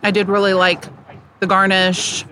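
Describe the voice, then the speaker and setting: A woman guest reviewing food in easygoing, soft-spoken casual chat. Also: mid-range voice, completely flat delivery, unhurried, background noise.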